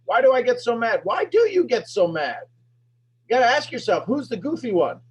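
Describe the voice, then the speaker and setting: A man coaching a sales master class, firing emphatic, repetitive questions at his audience and pushing his voice up toward a shout. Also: extremely high pitch, very animated, normal speed, breathy edge, dull audio. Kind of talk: animated teaching talk to an online audience.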